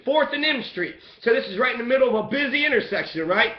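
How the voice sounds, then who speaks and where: A man's voice: very high voice, expressive, quick pace, few pauses. Heated, profane man in an echoey room. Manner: profane, rambling, grows loud and heated. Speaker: person recounting a police beating. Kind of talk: impassioned personal testimony. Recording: echoey, dull room recording.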